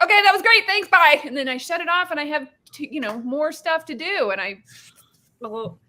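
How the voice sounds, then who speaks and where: A woman guest chatting cheerfully and laughing often. Her voice is high and bright, and she talks with a giggly, playful energy. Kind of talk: casual chat.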